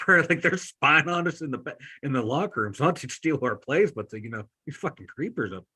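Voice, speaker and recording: A Pittsburgh man co-hosting a sports podcast, his voice bright and forceful with a husky edge. He rambles excitedly, tossing out jokes and swear words and restarting his sentences as he goes. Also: a little high, moderate pace. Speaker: podcast co-host. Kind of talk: casual sports banter.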